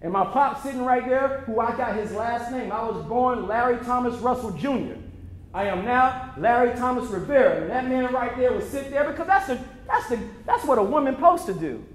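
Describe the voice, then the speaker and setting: A man's voice: extremely high pitch, animated, normal speed, slight background noise. A man from the United States giving an impassioned, preacherly motivational speech at a documentary screening, driving his points home with emphatic repetition. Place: event venue before an audience. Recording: roomy echoey hall.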